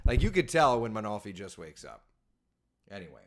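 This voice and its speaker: Man, weather host, casual live chat, lively swinging pitch. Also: brisk. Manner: chatty, jokey, lively storytelling. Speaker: TV meteorologist host.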